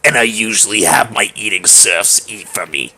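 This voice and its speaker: A man's voice: fairly low pitch, pushed and bright, husky, faint music behind, voice pushed down, exaggerated voice, poor audio. A man putting on a haughty lordly princess. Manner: slow, drawling, lordly delivery. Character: haughty young princess, female, imperious and bossy. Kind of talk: voicing a game character while streaming.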